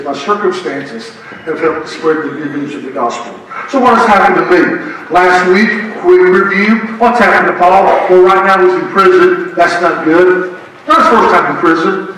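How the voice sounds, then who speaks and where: A man's voice: sits high, pushed and bright, recorded from a distance, slight background noise. A man preaching a sermon and telling stories, joking with the congregation. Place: church sanctuary. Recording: echoey church heard from afar.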